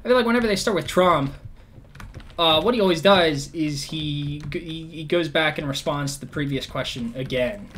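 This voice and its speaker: A man talks in a loose, rambling rant, cursing freely and dripping with sarcasm. His voice sits a little high for a man. A faint hiss of noise runs under the recording. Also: a bit bright. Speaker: vlogger. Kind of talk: casual rant.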